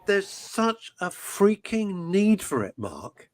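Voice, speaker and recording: Passionate, lively-voiced male talk host. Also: high-pitched, slow pace, no room sound. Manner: passionate, emotional, rambling with restarts. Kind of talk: radio talk show chat.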